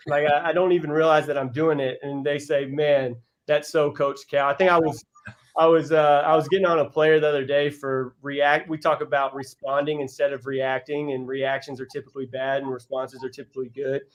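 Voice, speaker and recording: A man's voice: fairly high pitch, little pitch movement, brisk. Earnest man telling a heartfelt story. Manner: earnest and heartfelt, with frequent restarts. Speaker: guest, college basketball head coach. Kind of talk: casual podcast interview storytelling.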